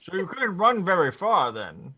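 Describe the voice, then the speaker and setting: Bright, lively man playing a character. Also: high-pitched, normal speed, slightly rough. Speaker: player. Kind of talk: casual in-character play.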